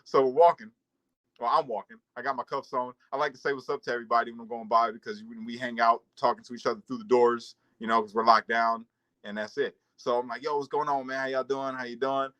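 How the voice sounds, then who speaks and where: A podcast co-host with a mid-range voice talks fast on a chat show, recorded with poor audio. He casually tells an animated, profane story from his past, laughing as he goes.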